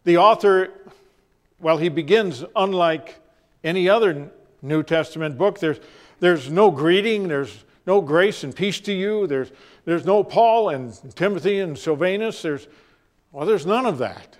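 A man preaching a sermon as pastor, telling stories with deliberate, dramatic pauses. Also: sits high.

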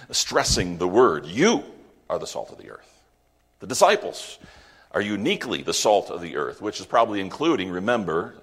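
Earnest lower-voiced preacher man. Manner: earnest, emphatic, with fillers and wide swings in loudness. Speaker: pastor. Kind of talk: sermon.

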